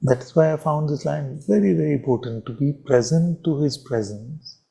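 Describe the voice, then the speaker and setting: A man, a spiritual teacher, giving a slow and reflective satsang talk with long pauses and repeated phrases. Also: on the high side, vocal fry, dark tone, poor audio.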